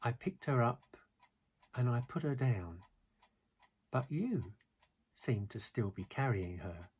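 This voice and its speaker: A man doing a calm, wise old monk. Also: medium pitch, husky, heavily acted. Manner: gentle, unhurried.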